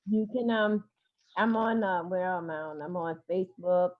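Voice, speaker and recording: A woman therapist speaking as a guest in an interview, talking with frequent fillers, pauses and restarts. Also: fairly low pitch, narrow, tinny audio. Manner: hesitant, many fillers and restarts. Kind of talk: interview talk.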